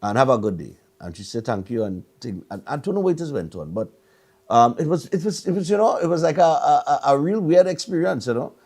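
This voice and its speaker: A man's voice: a little high, lively intonation, fairly quick, a little mellow. Rambling Trinidadian man hosting a morning show. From Trinidad and Tobago. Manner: rambling storytelling with stammered repeats. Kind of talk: casual chat.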